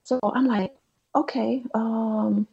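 A woman, co-hosting a podcast and telling a personal story in a chatty, animated way. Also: a little high, slow, vocal fry, husky, muffled recording. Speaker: podcast co-host. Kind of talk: casual chat, storytelling.

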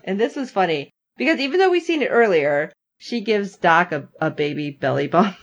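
A woman's voice: mid-range voice, normal speed. Woman chatting about a tv episode, voice jumps all over, kinda muffled lo-fi audio. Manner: animated storyteller, acting out both sides of the scene. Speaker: podcast co-host recapping a TV episode. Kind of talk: casual chat.

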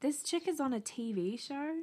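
A young woman, co-hosting a podcast in casual chat, blunt, excitable and quick to swear. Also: high-pitched. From New Zealand. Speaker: podcast co-host.

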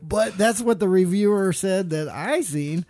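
A man's voice: high-pitched, a little slow, mellow, dry recording, studio quality. A man co-hosting a casual podcast, swearing freely and breaking into fits of laughter. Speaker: podcast co-host. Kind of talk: casual chat.

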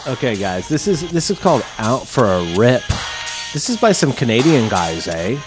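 A man co-hosting a loose, chatty show, drifting through his thoughts in a relaxed, rambling way. His pitch rises and falls lively, with faint music under him. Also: normal speed. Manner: laid-back, rambling. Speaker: podcast co-host. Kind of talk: casual chat.

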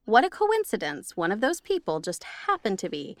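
A woman's voice: medium pitch, huge pitch swings, moderate pace, no room sound. A woman co-hosting a podcast who reads listener stories aloud and laughs easily in chat. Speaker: podcast co-host.

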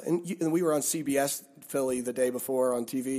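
A man's voice: mid-range voice, fast talker, few pauses. A man, a touring musician, telling stories in a casual interview and acting out the people he quotes. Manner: animated, acts out quoted people in his stories.

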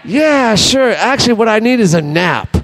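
Man putting on a drawling rock star, easygoing, cussing, pitched a notch high, voice bouncing up at line ends. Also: sing-song, moderate pace, creaky, exaggerated voice. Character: mellow rock star man, laid-back and high on cocaine.

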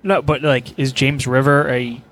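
A man's voice: medium pitch, level tone, unhurried, fairly bright tone, slight background noise. A man co-hosting a podcast, rambling and teasing, with casual swearing. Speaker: podcast co-host. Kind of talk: casual chat.

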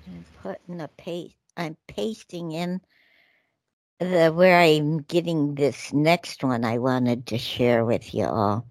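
A woman co-hosting a casual talk show, reading news aloud with animated outbursts and asides. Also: deep voice, slow pace, dry recording. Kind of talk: casual political chat.

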